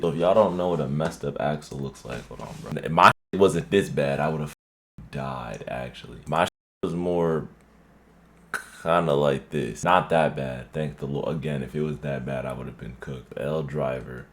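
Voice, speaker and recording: Super deep-voiced guy telling a story time vlog, slangy, swears a lot, animated. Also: moderate pace. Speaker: vlogger.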